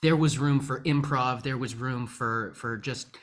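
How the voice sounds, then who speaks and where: A man's voice: medium pitch, steady tone, a little slow. Easygoing young-sounding male actor. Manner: easygoing, storytelling, jokey. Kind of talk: casual interview chat.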